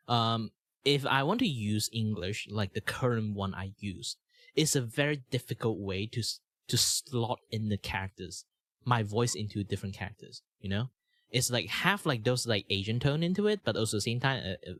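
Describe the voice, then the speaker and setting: A man's voice: lowish voice, a bit bright, no echo. A young man from Malaysia chatting casually as a streamer, with flowing, rambling speech full of fillers and restarts, recorded on a good mic in a sound-treated home studio. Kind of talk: casual chat.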